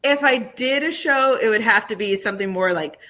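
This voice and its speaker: A woman with a bright, clear voice chats as a podcast guest. She tells her stories with animation and breaks into laughter often. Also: a little high, a little fast. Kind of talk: casual interview chat.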